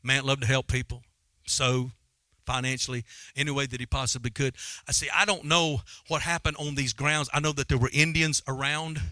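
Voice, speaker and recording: A man's voice: medium pitch, level tone, normal speed, few pauses, sharp tone, no room sound. A man preaching a sermon in a fervent, dramatic style. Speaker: pastor.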